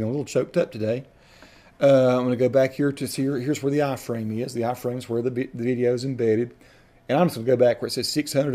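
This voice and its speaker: A man's voice: mid-range voice, warm tone. A middle-aged man giving a casual screen-recording tutorial, folksy and rambling, often correcting himself mid-sentence. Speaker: video tutorial host.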